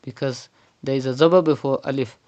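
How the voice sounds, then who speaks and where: A man teaching Quran recitation online, explaining pronunciation rules step by step and repeating words slowly as examples. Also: medium pitch, steady tone, a little mellow, highs cut off. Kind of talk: online tajweed lesson.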